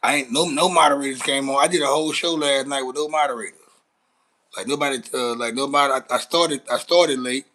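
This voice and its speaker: Bright-voiced man hosting a rambling live stream. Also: medium pitch, rough recording. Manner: rambling, profane, chats with viewers. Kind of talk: casual live-stream commentary. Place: Dallas, Texas.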